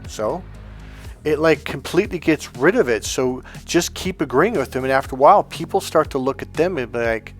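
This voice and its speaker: A male life coach telling stories in a casual, animated way, bluntly swearing and acting out the people he quotes with raised voices. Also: on the high side, normal speed, faint music behind. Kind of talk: casual storytelling monologue.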